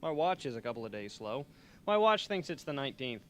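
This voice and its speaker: A man's voice: mid-range voice, big pitch swings, a little fast. Rambling young man hosting college radio. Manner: joking, rambling, self-mocking. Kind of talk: rambling comedic radio chat.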